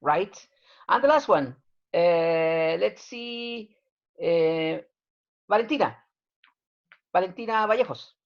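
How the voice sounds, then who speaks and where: A woman's voice: lowish voice, lively intonation, slow pace, long pauses, muffled recording. A woman teaching an English class over a video call, explaining patiently with plenty of fillers.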